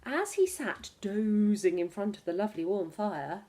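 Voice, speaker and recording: A woman reading a picture book aloud to children, animated and pausing to ask her listeners questions. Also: medium pitch. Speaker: storyteller for children.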